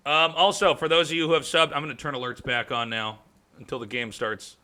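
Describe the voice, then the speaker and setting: A man's voice: medium pitch, fairly even intonation, brisk, pushed and bright. A man hosting a live game stream in a casual, chatty way, thanking subscribers and swearing now and then. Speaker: stream host and caster.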